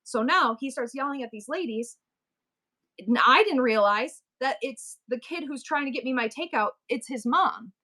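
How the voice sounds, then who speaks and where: Middle-aged woman, live-stream host, slightly high voice, chatty and rambling, animated storyteller. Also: moderate pace. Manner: animated, rambling storyteller with many asides and restarts. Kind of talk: casual storytelling chat.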